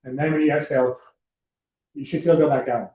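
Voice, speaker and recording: A man's voice: fairly high pitch, steady tone, brisk, dark tone. A young man giving a casual, chatty presentation to a student club, loose and full of fillers and asides. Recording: echoey room.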